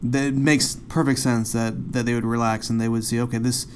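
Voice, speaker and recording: A man's voice: medium pitch, level tone, normal speed, a little hiss or hum. A man hosting an interview, moved by his guest's words and repeating words as he starts his questions. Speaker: host.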